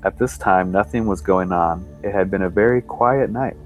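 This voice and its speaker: A low-voiced man narrates a creepy first-person tale at a measured, suspense-building pace. Quiet music runs faintly beneath his voice. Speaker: podcast storyteller. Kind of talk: reading a first-person horror story.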